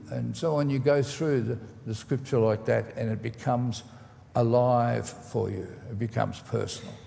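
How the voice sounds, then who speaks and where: Male pastor, gravelly voice, measured teaching sermon, church hall reverb. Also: mid-range voice, dark tone. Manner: measured, teaching tone with deliberate emphasis.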